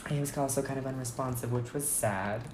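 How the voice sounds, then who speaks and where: A man telling a story in casual chat, acting out quotes with sudden high-pitched jumps. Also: fairly quick, crowd noise. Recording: roomy echo.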